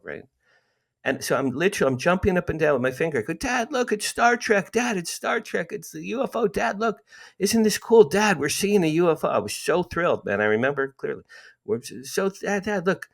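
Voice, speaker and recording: A man's voice: mid-range voice, creaky. A man in his sixties from New Jersey, a podcast guest telling his stories animatedly, acting out the dialogue and repeating himself for emphasis. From New Jersey, USA. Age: 60s. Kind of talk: storytelling interview.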